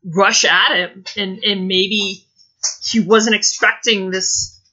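A woman's voice: mid-range voice, fairly even intonation, slow, bright, forceful tone, husky, dull audio. A woman playing a tabletop game, describing her character's actions casually in first person with lots of fillers. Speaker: player.

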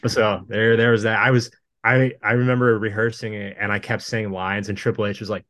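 Male guest, low pitch, dry mic, loose rambling anecdotal delivery. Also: flat delivery, a little fast, a bit bright, no room sound. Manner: rambling, laughs things off, jumps around. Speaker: podcast guest. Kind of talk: casual storytelling chat.

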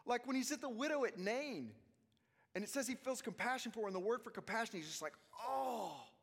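Animated preacher in a reverberant hall. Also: male voice, very high-pitched, quick pace. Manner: animated, swings between hushed and loud, acts out quotes. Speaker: youth conference speaker. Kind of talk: energetic sermon.

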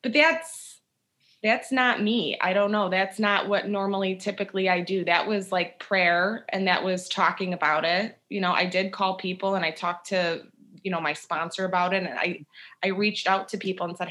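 A woman's voice: mid-range voice, steady tone, normal speed, a bit bright. A young woman guest in casual chat, earnest and thoughtful. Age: young adult.

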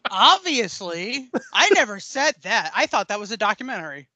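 A woman co-hosting a podcast in casual chat, joking wryly and deadpan and swearing casually. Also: medium pitch, quick pace. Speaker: podcast co-host.

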